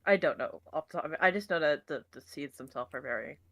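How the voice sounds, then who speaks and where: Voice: medium pitch, expressive, fast talker, a bit bright, dry recording. A tabletop game player chatting casually, hesitant at times and swearing freely.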